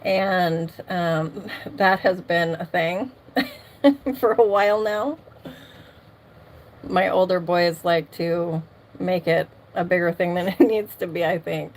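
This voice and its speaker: A middle-aged woman hosts a livestream from home, chatting casually, laughing often and greeting viewers by name through a streaming mic. Her voice is on the low side and slow.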